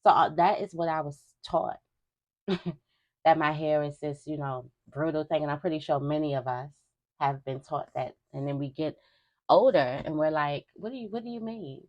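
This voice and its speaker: A young woman with a low, grounded voice speaks straight to her viewers in a spiritual reading. She talks in a loose, conversational flow, circling back and repeating phrases for emphasis. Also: flat delivery, normal speed, a little mellow, muffled recording. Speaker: tarot reader.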